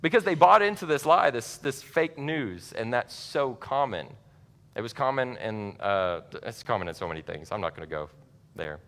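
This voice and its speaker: A man gives a conversational church seminar talk to parents, lively and chatty with asides. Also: mid-range voice, moderate pace. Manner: conversational, animated, laughs at his own asides. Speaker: church speaker teaching parents. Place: church sanctuary. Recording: long reverb of a large church hall.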